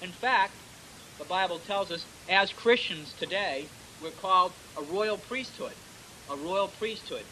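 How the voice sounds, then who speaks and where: A man delivers a sermon with a bright, sharp edge to his voice and a slightly high-pitched delivery. He punctuates his points with amens and praise interjections, emphatic throughout. A faint hiss sits under the recording. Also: unhurried, low-quality recording. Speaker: preacher.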